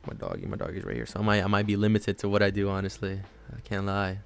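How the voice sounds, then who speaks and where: A man's voice: on the low side, level tone, fast talker, gravelly. A man live-streaming his day trading, talking casually and thinking aloud about chart levels, often tossing in "honestly" and "man". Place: at home at his trading desk with his dog on his lap.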